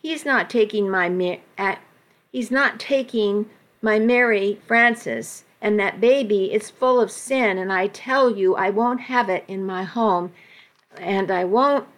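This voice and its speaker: A woman voicing a zealous, furious mother who shouts imperiously, reading a story aloud. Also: mid-range voice, slow, close to an everyday voice. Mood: ranting.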